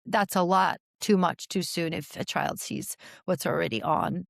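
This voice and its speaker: A woman in her forties, a therapist talking as a podcast guest, explaining with animated energy and frequent restarts. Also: on the low side, unhurried, vocal fry, no echo, clean studio sound. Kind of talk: podcast interview conversation.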